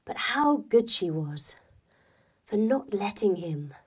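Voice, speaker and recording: A young adult woman telling a playful children's story while guiding a yoga class, with expressive delivery and movement cues. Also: medium pitch, slow, breathy edge. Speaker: kids yoga teacher and storyteller.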